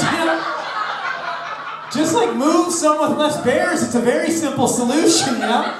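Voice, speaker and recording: A man's voice: extremely high pitch, normal speed, noisy background. A man from Los Angeles doing a stand-up comedy set, brash and profane, mocking himself in his punchlines. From Los Angeles, USA. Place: live comedy venue with audience. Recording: echoey room, distant mic, audience laughter.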